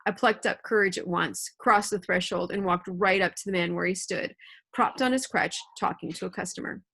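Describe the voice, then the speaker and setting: A woman teacher reading a classic novel aloud to her students at home in a clear, steady storytelling voice. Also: fairly low pitch, normal speed. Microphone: computer mic.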